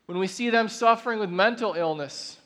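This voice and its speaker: A pastor with a rather high, fairly bright voice preaches an earnest sermon, slowing into heavy, drawn-out phrases as he builds to emphatic declarations. A long reverb carries his words, as though in a large church auditorium.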